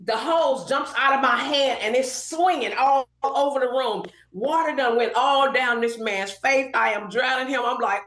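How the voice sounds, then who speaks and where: Animated high-voiced woman storyteller, echoey room. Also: normal speed, hardly any pauses. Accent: Southern California. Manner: animated, acts out quoted voices, laughs often. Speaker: guest, hairstylist. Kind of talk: storytelling in casual interview.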